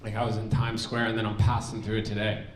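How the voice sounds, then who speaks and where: A young man from New Jersey doing a loud, animated stand-up comedy set in a banquet hall. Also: on the low side, fast, distant mic. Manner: loud, animated, puts on silly accents. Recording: echoey hall, from off the mic.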